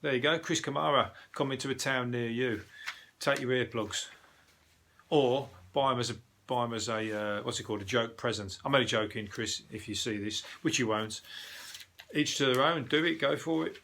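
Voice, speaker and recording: A man's voice: mid-range voice, steady tone, moderate pace, sharp tone, a little hiss or hum. A man with a Birmingham accent, hosting a casual solo news podcast in a rambling, sweary, chatty way with lots of fillers. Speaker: podcast host.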